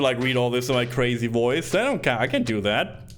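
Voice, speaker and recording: A man's voice: mid-range voice, sing-song, moderate pace, a little hiss or hum. A man streaming a retro game, reading the on-screen text aloud and cracking joking asides in casual commentary.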